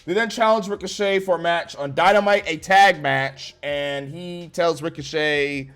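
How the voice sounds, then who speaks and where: Male reviewer, higher-pitched voice, sarcastic and profane, faint music underneath. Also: fairly even intonation, a little slow, few pauses, a bit bright, clear, resonant tone. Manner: blunt, sarcastic, swears heavily. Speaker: wrestling show reviewer.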